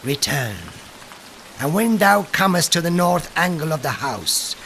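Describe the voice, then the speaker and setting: A man voicing a solemn spirit of a well, giving commands in a low, slow voice. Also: sing-song, fairly bright tone, slight background noise, full character voice.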